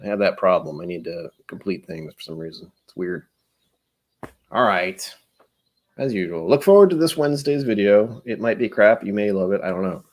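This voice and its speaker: A man's voice: lowish voice, expressive, normal speed. A man hosting a live stream, chatting casually and rambling, tired and self-deprecating, greeting viewers by name. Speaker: livestream host.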